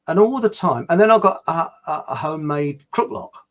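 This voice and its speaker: A chatty man with a husky, slightly raised voice that swings up and down expressively as he talks. He rambles casually between stories and viewer comments, full of fillers and restarts. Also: a little high, big pitch swings, fairly quick, few pauses, a bit bright. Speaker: livestream host reading viewer comments. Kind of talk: rambling casual chat with anecdotes.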